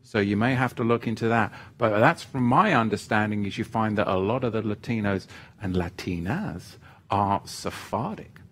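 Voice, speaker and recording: A man's voice: on the low side, moderate pace, fairly bright tone. A middle-aged man from England whose accent has drifted toward American, hosting a live stream where he reads out viewer comments and answers them in a loose, rambling way. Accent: mid-Atlantic mix of English and American. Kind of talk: casual live chat.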